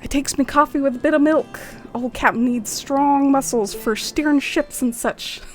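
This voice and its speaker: A woman putting on the voice of a hearty old male pirate captain, drawling "ye" and "me", with a slightly high voice. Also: moderate pace, natural voice. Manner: drawling pirate speech, rolling "ye" and "me".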